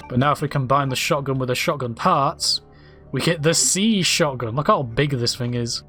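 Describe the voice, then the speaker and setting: A man chatting through a game stream with crude, rambling jokes in an ordinary middle-pitched voice. Faint music runs underneath his talk. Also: moderate pace, pushed and bright, slightly rough. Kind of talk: casual gameplay commentary.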